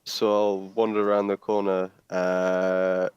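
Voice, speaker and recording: A man playing a tabletop game in a casual, hesitant way, with lots of pauses and fillers. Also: low voice, level tone, a little mellow, smooth, dry recording, highs cut off. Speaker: player.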